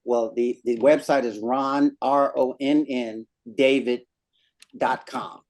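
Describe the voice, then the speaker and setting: A man, a guest singer in a casual interview, telling animated stories and laughing often. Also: medium pitch, slow pace.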